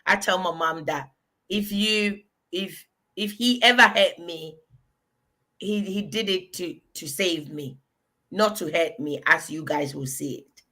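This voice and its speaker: A woman with a Ghanaian accent, guest on a casual talk show, telling animated stories and often breaking into laughter. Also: lowish voice, slow.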